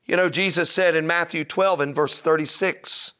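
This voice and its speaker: A man's voice: fairly high pitch, normal speed, clear, resonant tone. A man pastor delivering a sermon, telling stories and preaching with rising, emphatic energy. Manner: animated, rises to loud emphatic preaching.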